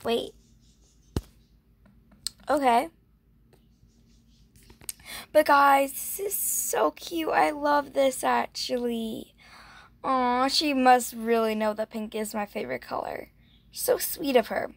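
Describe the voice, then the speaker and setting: A woman's voice: sits high, slow, pauses often, no echo. A young woman chatting casually over a game, gushing and gasping, filling her talk with "like". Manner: gushing, breathy gasps, lots of "like". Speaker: gaming vlogger. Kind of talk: casual gameplay commentary.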